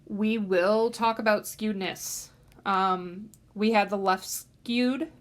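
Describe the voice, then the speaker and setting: A woman instructor delivers a recorded lecture in a mid-range voice. She talks through each point step by step, fills pauses with "um", and leans hard on the words she wants students to remember. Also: medium pitch, steady tone. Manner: explanatory, many "um" fillers, stresses key words. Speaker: statistics instructor.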